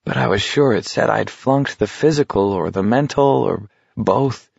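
A man's voice: mid-range voice, moderate pace, creaky, husky, no echo, highs cut off. A man reading a frightened teenage boy on a grueling walk, his panic breaking through as he speaks. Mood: bitter reminiscing. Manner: panicky, rising to shouts.

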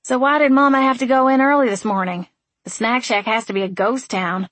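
A woman voicing a sarcastic, stubborn young woman who talks in a sharp, sardonic way. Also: fairly high pitch, steady tone, dry recording, pitched above the performer's own voice, lightly acted. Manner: sharp, sardonic, quick to snap.

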